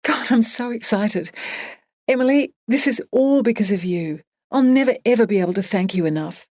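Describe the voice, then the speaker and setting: A woman doing a gushing, excitable artist. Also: medium pitch, normal speed, no room sound, clean studio sound, natural voice. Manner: excited, rambling.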